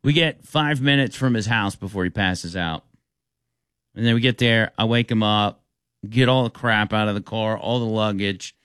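A man's voice: fairly low pitch, moderate pace, clear, resonant tone, no echo, studio quality. A man hosting a radio talk show, telling a story casually and acting out the people in it. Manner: animated, acts out the people in his stories.

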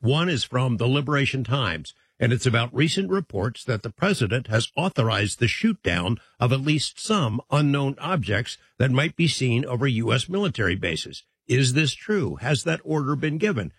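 Husky, easygoing late-night radio host man. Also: mid-range voice, big pitch swings, normal speed, hardly any pauses, a bit bright, no room sound. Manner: easygoing, folksy, chatty asides. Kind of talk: late-night radio talk show intro. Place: radio studio.

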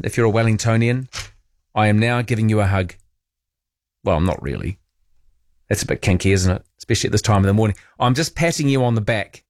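A man's voice: on the low side, dry recording, studio quality. A man with a New Zealand accent hosting morning radio, chatting about the news with a joking, wry manner. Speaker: radio host. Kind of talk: casual morning radio chat.

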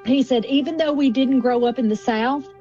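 A woman's voice: high voice, normal speed, dark tone, lo-fi sound, soft background music. A woman co-hosting a radio show, chatty and teasing as she tells entertainment gossip. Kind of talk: morning radio banter.

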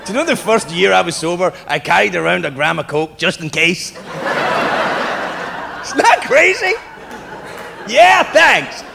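On a comedy club stage, a stand-up comedian tells an animated story, breaking into sudden shouts, put-on voices, and laughs. His voice is fairly high, fast, and creaky, recorded live in a hall with crowd noise and audience laughter.

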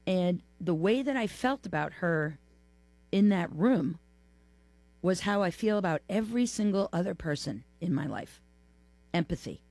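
A memoir author as a studio interview guest, speaking in a halting, heartfelt way with many pauses. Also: mid-range voice, animated, a little mellow, dry recording. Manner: halting, heartfelt, pausing often.

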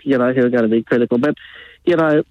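A man's voice: mid-range voice, fast, dry recording. A man calling in to a radio show, rambling in a good-humored way. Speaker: radio caller. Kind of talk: casual phone chat. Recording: dull phone-line audio.

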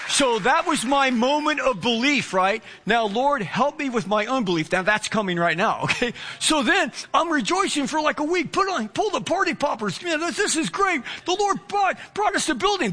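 A male pastor preaching a sermon, telling a personal story in an animated way and acting out the quoted voices. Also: sits high.

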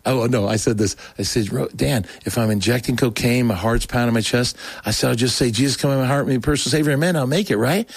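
A man's voice: medium pitch, fast, hardly any pauses, slightly rough, no echo. A middle-aged man telling his conversion story casually, acting out what people said in a raised voice. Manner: animated, acts out quotes in a raised voice. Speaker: guest telling his testimony.

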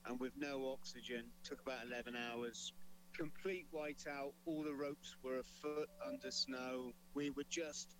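A man's voice: medium pitch, steady tone, a little slow, fairly bright tone, faint music behind, poor audio. A man, a climber, recounting a mountain descent in a recorded interview. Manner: emphatic, enthusiastic.

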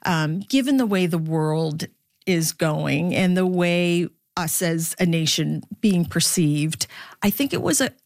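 A middle-aged woman sports broadcaster, originally from the Philippines, talks candidly in an interview. Her voice sits a little low, but it leaps high whenever she quotes someone, and she laughs easily. The recording is close and dry. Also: slow pace, no room sound. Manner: warm and animated, laughs often, voice jumps high when quoting others.

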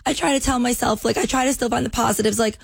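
A young woman whose voice has gone hoarse and nasal, with a gravelly fry running through it. She rambles through a self-deprecating story in casual morning radio chat. The sound is dry and close. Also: a little high, fairly even intonation, fast talker, no room sound. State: hoarse, lost voice. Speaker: radio show producer.

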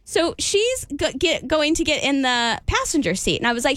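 A woman telling a story in casual chat. She is animated, acts out the quotes and laughs often. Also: sits high, normal speed, hardly any pauses, dry recording.

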